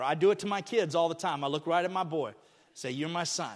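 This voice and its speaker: A man's voice: on the high side, quick pace. A middle-aged man preaching a sermon as pastor, earnest and building to emphatic peaks. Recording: reverberant hall.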